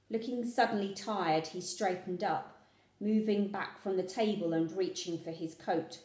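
A woman narrating a storybook in first person, measured and steady. Her voice is mellow and darkish, and it rings in an echoey room. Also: mid-range voice. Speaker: reader.

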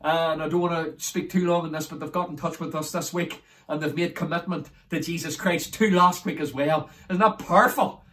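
A man's voice: fairly high pitch, little pitch movement, a little fast, hardly any pauses, fairly bright tone, far from the mic. A man with a Derry accent from Northern Ireland, giving an emotional testimony sermon as an evangelist. He speaks fervently and rises to exclamations, sounding close to tears. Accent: Derry, Northern Irish.

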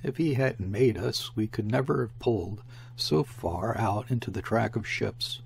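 A man's voice: fairly low pitch, a little slow, vocal fry, darkish tone, a little hiss or hum. A man reading the part of a worn-out convict who has been rowing a boat. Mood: relieved. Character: weary grateful male convict, exhausted rower.

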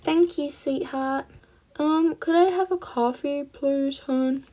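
A woman voicing a caring mother in a toy role-play, gentle and coaxing. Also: sits high, takes it slowly. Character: caring mother hurrying her daughter.

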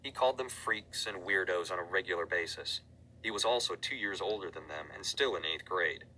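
A man reads a children's storybook aloud with steady pacing. His voice is very deep yet bright and sharp-edged, with faint background noise. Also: fairly quick, rough recording. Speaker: narrator. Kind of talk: audiobook reading.

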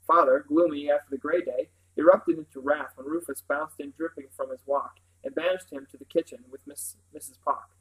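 Man reading a novel aloud, somewhat high voice. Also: steady tone, brisk, few pauses, rough recording. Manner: unpolished, stumbles and corrects himself. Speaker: reader.

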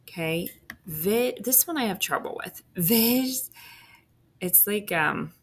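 A woman's voice: fairly low pitch, expressive, moderate pace, a bit bright. A woman teacher walking through a phonics packet, patiently sounding out each syllable step by step. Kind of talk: phonics lesson walkthrough.

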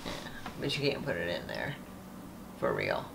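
A middle-aged mother chatting casually while reacting to a music video, blunt and quick to scold. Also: extremely low pitch, huge pitch swings, gravelly, a bit bright, slight background noise. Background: music playing.

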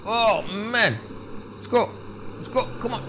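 Playing a game on stream, this young man talks with viewers in a very high, expressive voice, a little on the slow side. He keeps it relaxed, reading chat out loud and saying "man" and "bro" constantly, with game engine sounds in the background.

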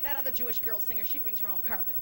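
A woman's voice: fairly high pitch, rapid-fire, heavy background noise. A woman in her forties telling bawdy jokes on a concert stage in a brassy, teasing way. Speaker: singer and comedian on stage. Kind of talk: live stand-up joke telling in concert. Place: large concert hall stage.

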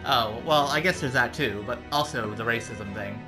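A man's voice: mid-range voice, normal speed, few pauses. A man giving rambling, profane, self-deprecating commentary while playing a game, over game music. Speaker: let's play commentator. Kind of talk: casual gameplay commentary.

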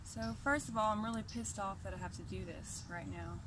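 A woman's voice: mid-range voice, a little fast, background noise. A woman at home, ranting angrily and profanely to her camera in a heated, repetitive, confrontational way. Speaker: vlogger. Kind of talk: angry direct-to-camera rant.

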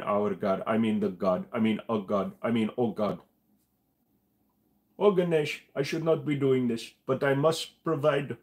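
A man's voice: medium pitch, darkish tone, pitched above the performer's own voice, natural voice. Man putting on a pushy scam caller. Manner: wheedling, repeats "trust me". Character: pushy male scam caller, overly reassuring.

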